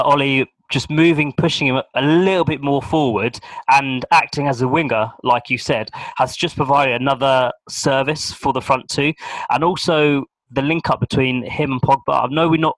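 A man co-hosts a football podcast in an easy, chatty way, agreeing readily and laughing along. His pitch is middle-range. The recording is dry, with no room sound. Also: fairly bright tone, dry recording, rough recording. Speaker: podcast co-host. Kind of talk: casual football chat.

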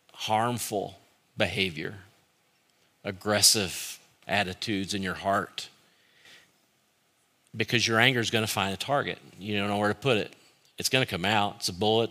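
A man preaching a sermon as pastor, shifting between loud animated bursts and quiet, slow emphasis. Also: lowish voice. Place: church service streamed online.

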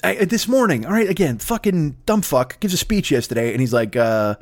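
A man on a comedy podcast, ranting and swearing as he rambles from one thought to the next. His voice sits a bit high for a man, and it climbs when he gets worked up. He restarts his sentences constantly. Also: brisk. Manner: profane, rambling, excitable, lots of restarts. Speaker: podcast host. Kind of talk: comedic rant.

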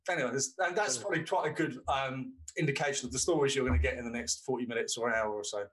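A man's voice: mid-range voice, racing, fairly bright tone. A man, co-hosting a podcast and telling long, sweary anecdotes in casual chat. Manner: rambling anecdotes, swears freely. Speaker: podcast co-host.

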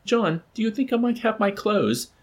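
A man voicing a frightened, coaxing young woman in a high put-on voice. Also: sing-song, moderate pace. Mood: timid.

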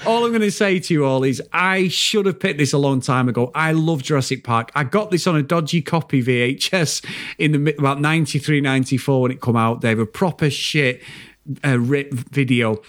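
Male podcast co-host, chatty, slightly higher voice, swears, laughs a lot. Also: brisk, fairly bright tone. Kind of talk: casual chat.

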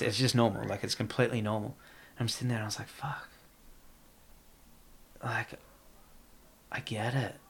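A man's voice: medium pitch, slight background noise. A man in casual podcast chat, rambling and peppering his talk with "like". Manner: rambling, heavy use of "like".

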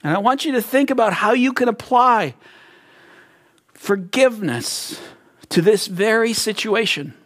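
A man's voice: high voice, expressive, measured pace, fairly bright tone. A man preaching a sermon as a pastor, retelling a parable in an earnest storytelling manner. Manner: earnest storytelling preacher, acts out quoted voices.

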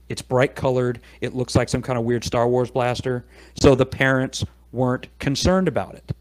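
A middle-aged man talking on a podcast, telling an animated story. He acts out the people he quotes as he goes. His pitch sits in the middle for a man. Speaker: podcast guest. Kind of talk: casual storytelling chat.

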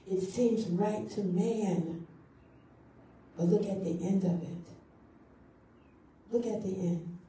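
Slow, dark-voiced woman pastor preaching. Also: mid-range voice, slight background noise. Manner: repeats key phrases for emphasis. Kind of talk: sermon. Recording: echoey hall from far off.

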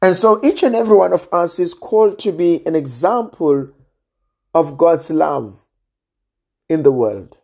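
A man preaching a sermon in a slow, measured way, sometimes dropping almost to a hush for emphasis. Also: fairly high pitch, creaky. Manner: slow and measured, drops to near-quiet emphasis.

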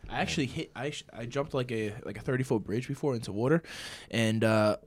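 Quick-talking man with faint room noise. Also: medium pitch. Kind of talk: casual chat.

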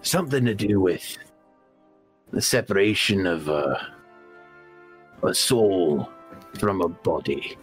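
Male player, slow and lowish, with a lively rise and fall in his voice. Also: soft background music. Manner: slow, hesitant, lively intonation. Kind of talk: casual tabletop play.

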